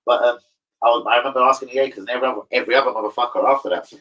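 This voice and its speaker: Excitable, swearing football fan. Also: male voice, mid-range voice, racing, dull audio. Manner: excitable, swearing, slangy, rambling. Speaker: host of a football fan channel. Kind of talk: casual live-stream chat.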